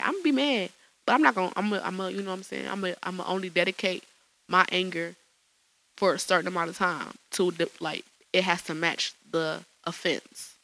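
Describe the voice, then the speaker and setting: Gravelly, bright-voiced woman podcast host. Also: on the low side, poor audio. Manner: chatty, laughs often, casual slang. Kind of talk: solo podcast chat. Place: small home studio.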